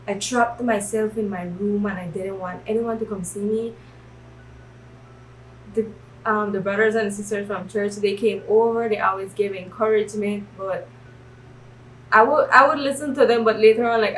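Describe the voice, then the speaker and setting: A woman's voice: a little high, distant mic, slight background noise, poor audio. A woman in her twenties from Belize, giving a personal faith testimony in a hesitant way, with many fillers and restarts. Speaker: church member giving testimony.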